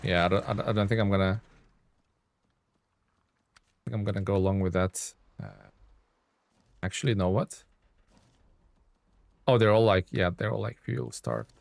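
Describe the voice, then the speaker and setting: A man's voice: deep voice, lively intonation, unhurried, creaky, pauses often, no echo. A young man giving casual, rambling commentary while he streams a game and thanks viewers in chat.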